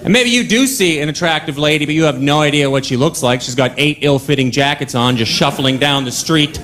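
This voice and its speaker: Slightly fast and a little high, this young man's somewhat bright voice carries a stand-up set at a live club, complete with audience and noise. He's from Ottawa, Canada, and his delivery is dry and offhand, full of asides.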